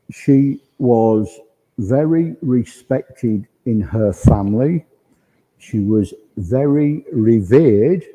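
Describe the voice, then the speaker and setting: Slow, husky medium, very dark voice. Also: male voice, on the low side, poor audio. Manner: relays spirit messages in quoted speech. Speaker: spiritualist medium. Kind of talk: mediumship demonstration at a service. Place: village hall.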